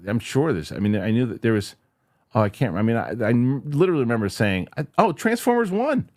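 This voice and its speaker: A man hosting a casual live stream, reading viewer comments aloud in an animated, chatty way and laughing easily. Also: fairly low pitch, a little fast, no echo, studio quality. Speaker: show host.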